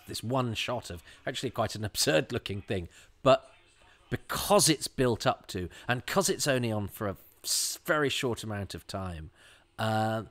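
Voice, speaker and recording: A medium-pitched man chats his way through an episode in a watch-along commentary, wandering off topic, restarting sentences, and making animated asides.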